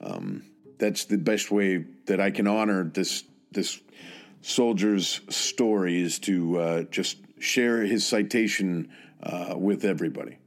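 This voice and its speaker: A man narrating a tribute in an earnest, measured and solemn way, with some hesitant asides. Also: low voice, lively intonation, soft background music. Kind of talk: scripted narration.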